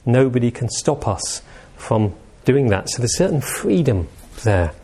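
A man teaches a meditation class in an easy, conversational way. He speaks gently and keeps turning statements into questions for his listeners. His voice sits at an ordinary middle pitch. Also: very animated, unhurried, husky. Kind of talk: informal dharma talk.

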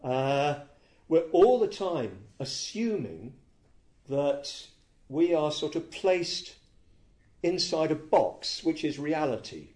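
A Buddhist teacher gives a reflective dharma talk, speaking haltingly as he searches for words and often corrects himself. His voice is on the high side and darkish in tone, with big pitch swings.

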